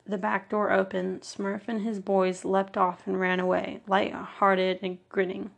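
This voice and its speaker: A woman reading a first-person memoir aloud in an earnest, measured way, leaning on each item in a list. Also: medium pitch, monotone, creaky. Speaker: audiobook narrator.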